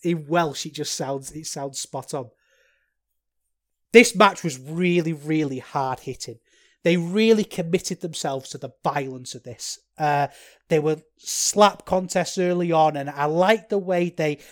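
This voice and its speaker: Fairly high and a bit bright, this man's voice carries a solo podcast where he rambles through a wrestling review in a chatty, self-deprecating way.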